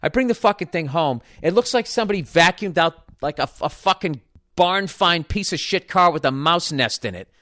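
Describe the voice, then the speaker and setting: A man's voice: fairly high pitch, lively intonation, normal speed, bright, forceful tone, dry recording, studio quality. A middle-aged man hosting a podcast, telling a story as an exasperated, profane comedic rant. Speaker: podcast host.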